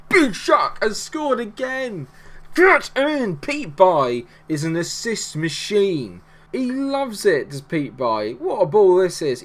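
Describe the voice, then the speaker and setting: A man, a gaming YouTuber, commentating live on his own match in a jokey, excitable way and breaking into shouts when his side scores. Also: mid-range voice.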